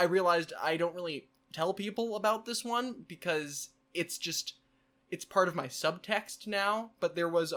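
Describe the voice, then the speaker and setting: A man talking casually to camera in a vlog. He is playful, adds quick asides, and repeats phrases and sounds in bursts. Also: on the high side, a bit bright. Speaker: vlogger.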